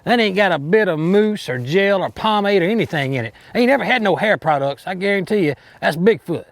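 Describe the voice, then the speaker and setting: An actor playing a bumbling, boastful redneck Bigfoot hunter with an Alabama Southern drawl, rambling and cocky in a mock outdoor show. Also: male voice, high voice, animated, a little fast, no room sound. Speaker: hunting show host character.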